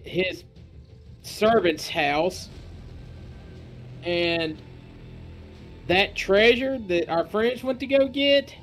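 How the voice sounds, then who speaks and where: A man playing a tabletop role-playing game, speaking in a measured way as he reasons things out in character. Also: sits high, a bit bright. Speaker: player.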